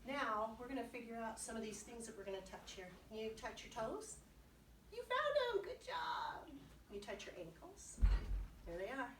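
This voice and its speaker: A woman's voice: fairly high pitch, very animated, normal speed, background noise. A woman children's librarian leading a kids' music and movement class, cheerful and encouraging, with playful sound words. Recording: roomy sound from a distant mic.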